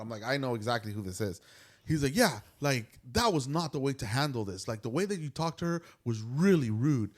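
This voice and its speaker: A man's voice: mid-range voice, fairly quick. A young adult man on a podcast, casually telling a story about a day at work and acting out each quoted exchange. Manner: animated retelling, acts out quoted dialogue. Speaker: podcast co-host.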